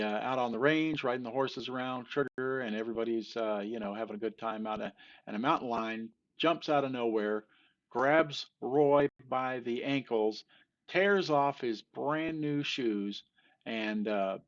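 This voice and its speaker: An older man telling dad jokes and groaners in a rambling, halting way, full of fillers and restarts, laughing off the punchlines he flubs. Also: medium pitch, dull audio. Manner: self-deprecating, laughs off flubbed punchlines. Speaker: joke teller. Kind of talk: casual joke telling.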